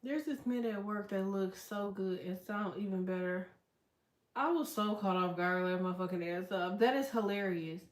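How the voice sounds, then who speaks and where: A woman hosting a casual livestream, telling stories in a loud, profane, animated way and reading out chat comments. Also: medium pitch, normal speed, echoey room. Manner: profane, animated storytelling with quoted voices.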